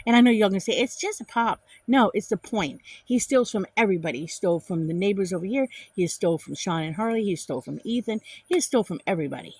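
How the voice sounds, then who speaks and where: A woman's voice: mid-range voice, quick pace, few pauses, slightly rough, no room sound. A middle-aged woman, telling an angry story to the camera in a casual vlog and repeating herself for emphasis. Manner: animated, indignant retelling with repeated phrases. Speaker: vlogger.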